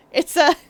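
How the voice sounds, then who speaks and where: While gaming on a live stream, a young woman from the Canadian Maritimes chats casually. She keeps giggling and rambling through side comments.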